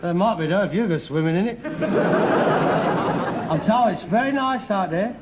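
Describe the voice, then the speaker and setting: An actor playing a scornful, daydreaming son, coaxing and mocking in turn. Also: male voice, high-pitched, animated, moderate pace. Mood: wheedling. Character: ambitious, scornful working-class son, middle-aged. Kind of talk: 1960s-70s TV sitcom acting. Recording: faintly hissy archive TV recording, far laughter.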